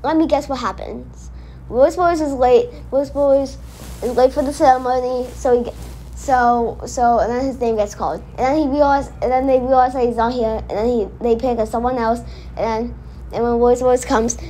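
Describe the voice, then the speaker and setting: A woman hosting a casual reaction video, talking in an excitable, rambling way and often correcting herself. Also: on the high side, moderate pace, a little hiss or hum.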